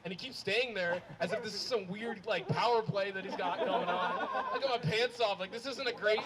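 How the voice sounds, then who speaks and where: A man's voice: high voice, a little fast. A man performing a stand-up comedy set live, acting out family arguments with big swings in his delivery. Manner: animated, acts out family quarrels with big swings. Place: live comedy show before an audience. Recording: crowd laughter over a noisy live room.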